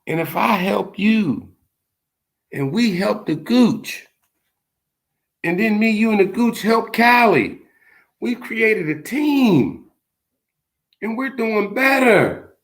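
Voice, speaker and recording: A man's voice: high-pitched, lively intonation, slow pace, long pauses, a bit bright. A man speaking in a frustrated, impassioned monologue, repeating "man" often. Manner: frustrated, preachy, repetitive "man" tags. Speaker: vlogger.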